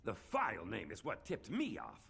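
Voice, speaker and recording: Gruff cartoon croc detective, gravelly, animated delivery, score underneath. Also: male voice, on the low side, moderate pace, heavily acted. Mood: plotting. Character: Vector, gruff adult male crocodile detective. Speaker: cartoon character played on stream.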